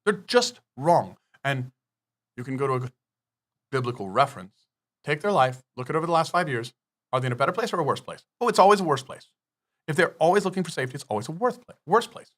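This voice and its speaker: A man with a slightly raised voice lays out his ideas point by point, punching key words and swearing freely. He talks like a forceful business speaker holding court in a podcast interview. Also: fairly high pitch, sing-song, fast. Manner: emphatic, profane, lecturing with numbered points. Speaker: business guest.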